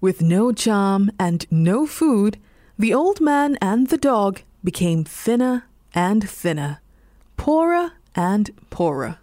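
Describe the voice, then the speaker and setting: A woman with a Singaporean English accent, reading a bedtime story in a slow, soothing voice. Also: mid-range voice, dry recording, clean studio sound. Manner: slow, soothing, lively intonation.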